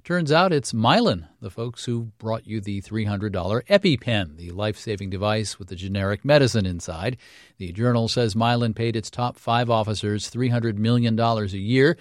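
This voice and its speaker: A man's voice: lowish voice, normal speed, no echo, clean studio sound. Wry male radio news host.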